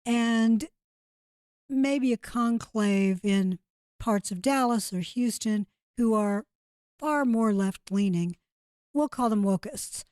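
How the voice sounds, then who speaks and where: Woman with a mellow fairly high voice, chatty political talk, dry mic. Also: slow pace, clear, resonant tone, no room sound. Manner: conversational, chatty. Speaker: co-host. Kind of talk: casual political chat.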